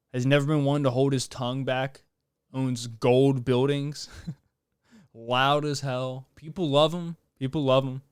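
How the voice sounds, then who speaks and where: A man's voice: mid-range voice, clean tone, dry recording, studio quality. A young man hosting a podcast in a casual, rambling monologue, joking and restarting his sentences. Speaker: podcast host.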